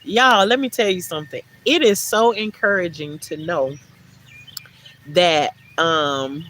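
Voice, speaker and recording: A woman's voice: fairly low pitch, slow pace, fairly bright tone. A chatty woman talks to her livestream viewers from her garden, laughing often and circling back over the same phrases. She shifts into an encouraging, almost preaching tone as she speaks to them, all set against faint outdoor noise. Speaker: livestream host. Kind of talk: casual livestream chat.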